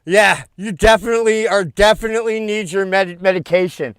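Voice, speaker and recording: A man's voice: high-pitched, fairly quick, few pauses, a bit bright, smooth, no echo. A man hosting a livestream, jeering and laughing as he mocks the clips he plays, with frequent profanity. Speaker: livestream host reacting to clips. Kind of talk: mocking reaction commentary.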